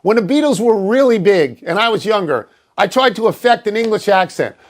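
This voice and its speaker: A man's voice: high-pitched, animated, fairly quick. An older man co-hosting a sports talk show, arguing his points bluntly and emphatically, with a self-mocking streak. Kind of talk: sports debate.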